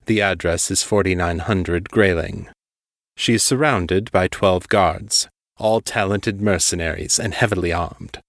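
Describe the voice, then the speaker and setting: A man voicing a cultured male crime boss on the phone, calm and carefully controlled. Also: low-pitched, a little slow, gravelly, dry recording, studio quality. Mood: coolly controlled.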